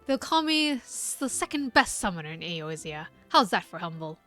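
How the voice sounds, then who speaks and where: A woman's voice: fairly low pitch, big pitch swings, normal speed, bright, forceful tone, faint music behind, voice pushed down. A woman doing a folksy old summoner man. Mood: gruff, fond. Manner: drops into dialect words like 'me' and 'ye'. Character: folksy older male summoner speaking in a rough dialect.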